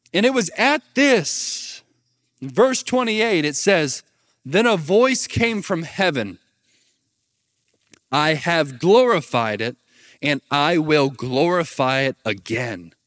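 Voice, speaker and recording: A man's voice: on the high side, sing-song, takes it slowly, a bit bright, no echo, studio quality. A young man preaching a sermon and asking the crowd to repeat words back. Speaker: pastor.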